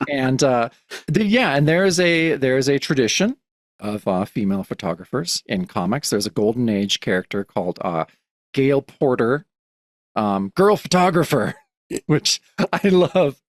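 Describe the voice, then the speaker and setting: A man's voice: mid-range voice, lively intonation, a little slow, no echo. A man co-hosting a podcast about comics, chatting casually and rambling with many restarts. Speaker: podcast co-host.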